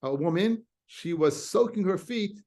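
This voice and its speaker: A man's voice: high-pitched, lively intonation, a little mellow. A rabbi teaching a daily Talmud class, reading Aramaic phrases and explaining them in casual English, often restarting his sentences. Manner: explains in a quick mix of Hebrew-Aramaic terms and English, with restarts.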